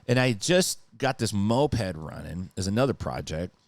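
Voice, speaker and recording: A man guesting on a podcast, spinning a rambling, swear-heavy yarn full of fillers and sound effects. His voice sits on the low side but swings all over the place as he tells it. It is recorded close and dry. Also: lively intonation, moderate pace, dry recording. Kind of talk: animated casual storytelling.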